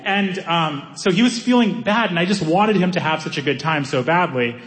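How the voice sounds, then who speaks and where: Animated man telling a stand-up story. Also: a little high, a little fast. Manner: animated, acts out characters' voices. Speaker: stand-up comedian.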